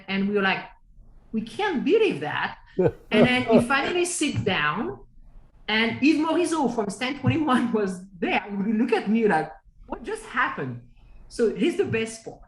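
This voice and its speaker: A woman hosting a webinar over a video call, telling anecdotes in a lively, filler-heavy way. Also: fairly low pitch. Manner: animated, laughing anecdotes with many fillers. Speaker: webinar host. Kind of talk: casual storytelling. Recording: echoey room.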